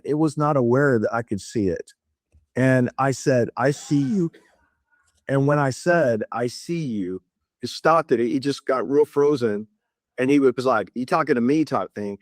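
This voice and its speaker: A man's voice: mid-range voice, normal speed, no echo, studio quality. A middle-aged man, a podcast guest, telling a long story in casual conversation and acting out the dialogue with shifts in tone. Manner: animated retelling, acts out dialogue with shifts in tone.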